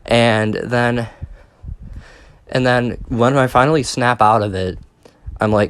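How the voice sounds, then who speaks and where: A man's voice: mid-range voice, takes it slowly, long pauses, a bit bright, clear, resonant tone, no room sound. A young man telling a casual storytime, rambling and swearing with many fillers and restarts. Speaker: vlogger.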